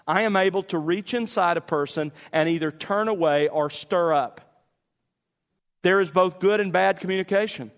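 A man delivers a sermon on meditating on scripture, leaning on key words and pausing with care. His voice sits slightly high for a man. A long reverb from the large hall trails after every line. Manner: measured, emphatic teaching with deliberate pauses. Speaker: pastor.

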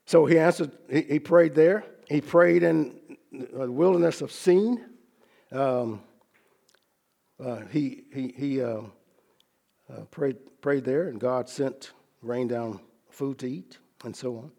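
A man preaching a sermon, teaching from scripture in a measured, earnest way and slowing down to stress key phrases. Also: medium pitch, gravelly, dark tone.

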